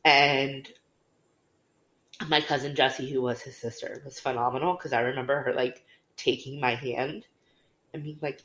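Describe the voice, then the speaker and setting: This podcast co-host is a young woman with a deep bass voice that's steady and slightly bright, delivered at normal speed with frequent pauses. She's candid and chatty, telling stories with plenty of fillers in casual conversation, and the recording carries a roomy echo.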